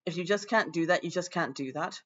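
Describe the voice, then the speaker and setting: A man's voice: on the high side, fairly quick, fairly bright tone, muffled recording. A man improvising a loose, rambling lecture as a self-styled teacher of a magic class.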